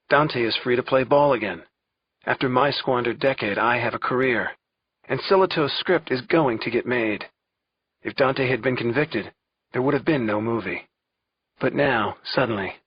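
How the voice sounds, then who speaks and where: Male first-person thriller narrator with a husky voice and a slightly muffled sound. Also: mid-range voice, no room sound. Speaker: audiobook narrator.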